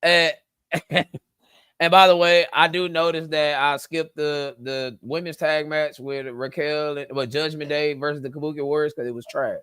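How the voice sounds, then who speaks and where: Podcast guy, smooth clear voice, dry sound, keeps agreeing hard. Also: a little high, fairly even intonation, fairly bright tone, no room sound. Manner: emphatic, quick to agree. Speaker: podcast co-host. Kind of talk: casual chat.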